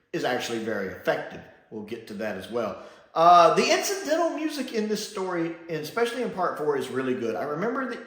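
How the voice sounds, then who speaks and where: A man giving a casual spoken review on his channel, chatty and rambling, often acting out lines. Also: mid-range voice. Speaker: video reviewer. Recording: echoey room.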